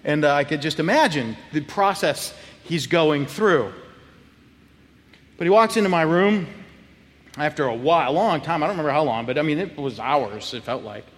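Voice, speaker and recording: Animated man preaching in a reverberant church. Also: on the high side, moderate pace. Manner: animated, laughing, acting out quotes. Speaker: pastor. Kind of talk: sermon storytelling. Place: church sanctuary.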